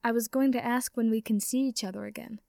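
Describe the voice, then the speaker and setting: A woman's voice: a little high, fairly even intonation, quick pace, vocal fry, mellow, dry recording, studio quality. A woman reading the lines of an earnest, affectionate young wizard man, sincere and pleading.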